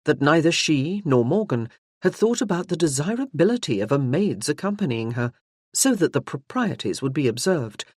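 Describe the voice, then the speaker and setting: An audiobook narrator reading a novel in a measured, even storytelling manner. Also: medium pitch, no room sound, studio quality. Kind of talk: scripted narration.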